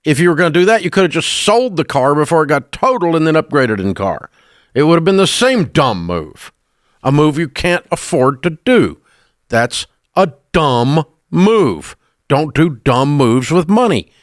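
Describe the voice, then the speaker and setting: A man's voice: fairly high pitch, big pitch swings, moderate pace, dry recording, studio quality. A man in his sixties with a Southern American accent, hosting a call-in radio show in a blunt, emphatic, scolding way.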